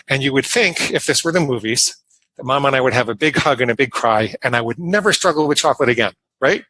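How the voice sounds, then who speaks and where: A man's voice: medium pitch, expressive, fast, bright, forceful tone, low-quality recording. A man in his fifties, a podcast guest telling a personal story in an earnest manner. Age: 50s. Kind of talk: interview storytelling.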